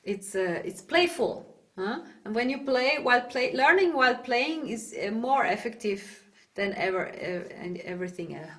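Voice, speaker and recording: A woman with a Swiss German accent teaching yodel online, explaining in halting English and breaking into loud calls and dog barks. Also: a little high, animated. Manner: halting, searches for words. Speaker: yodel instructor. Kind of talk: online singing lesson. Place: home, video call.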